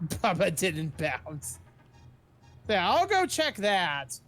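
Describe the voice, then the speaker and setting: A woman streaming a game, thinking out loud as she plays. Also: lowish voice, drawn-out words, faint music behind. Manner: thinks aloud while playing, animated. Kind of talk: live game commentary.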